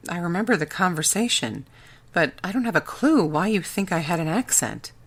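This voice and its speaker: Brief: loyal, defensive male tech scientist, voiced by a woman narrator, low audiobook read. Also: very animated, normal speed, fairly bright tone, husky, exaggerated voice. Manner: explaining, defensive.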